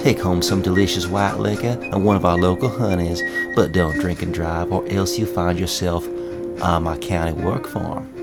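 A man voicing a blustering small-town Southern sheriff in a comedy radio bit, with a slow, slurry, pompous drawl and a Southern accent. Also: low-pitched, fairly even intonation, loud music behind the voice. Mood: mock-stern.

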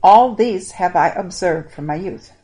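A woman's voice: fairly low pitch, lively intonation, measured pace, dark tone. Woman voicing an eager pleading young man. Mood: respectful.

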